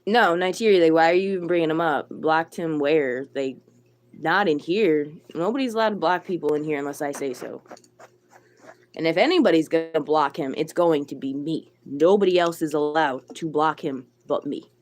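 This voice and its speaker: Woman streamer venting at her chat, kinda low voice, cusses nonstop, blunt. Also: moderate pace. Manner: irritated, blunt, swears a lot; talks to chat viewers by name. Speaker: livestreamer. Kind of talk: live stream chat rant.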